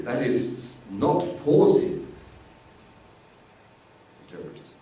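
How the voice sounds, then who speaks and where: Male lecturer, casual classroom delivery, mellow tone, recorded from a distance. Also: mid-range voice, expressive, unhurried. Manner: conversational, repeats words while thinking. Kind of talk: university lecture. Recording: echoey room, voice from afar.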